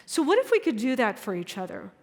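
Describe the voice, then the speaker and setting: A woman's voice: on the high side, huge pitch swings, fast talker, creaky, a little mellow. Woman minister preaching in a reverberant hall. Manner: chatty, storytelling, self-deprecating humor. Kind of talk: conversational sermon. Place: church sanctuary.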